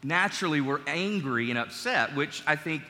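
Bright-voiced pastor in a reverberant hall. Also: male voice, fairly high pitch, animated, normal speed. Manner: warm, conversational, joking with congregation. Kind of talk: sermon. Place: large church sanctuary. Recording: long church hall reverb.

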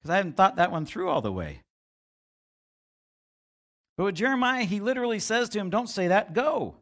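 With wildly swooping pitch and a brisk, slightly bright voice, a middle-aged pastor gives a conversational sermon. He brings quotes to life with more animation, his pitch climbing whenever he speaks as God.

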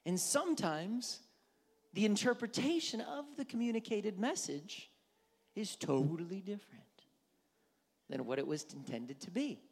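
A male pastor giving a relaxed, conversational sermon. His pitch swings widely as he talks, and he slips into short acted-out exchanges in different tones. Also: slightly rough. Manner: animated, acts out little dialogues with shifting tones.

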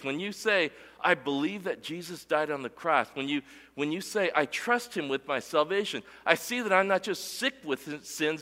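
A man preaching a sermon in a church worship center, with emphatic, deliberate delivery that swells and drops for emphasis. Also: a little high, sharp tone, long reverb tail. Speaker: pastor.

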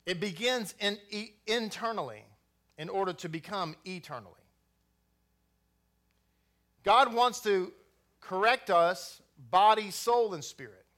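Bright, high-voiced man preaching. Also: measured pace, pauses often. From Texas. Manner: conversational preaching with asides and restarts. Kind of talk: sermon.

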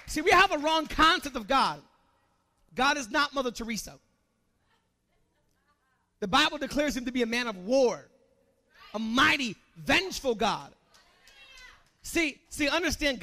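High-voiced man preaching with fire. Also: normal speed, long pauses. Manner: animated, emphatic preaching with rhetorical questions. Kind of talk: sermon.

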